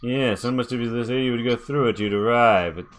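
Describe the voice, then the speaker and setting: A man's voice: medium pitch, normal speed, slight background noise. A man narrating as game master for an online tabletop game, in a loose, rambling way with lots of "like" and restarts.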